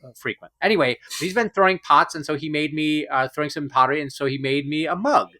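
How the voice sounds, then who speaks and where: A man's voice: on the high side, fast talker, bright, forceful tone. A man co-hosting a podcast, chatting casually and rambling with fillers and restarts. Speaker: podcast co-host. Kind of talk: casual chat.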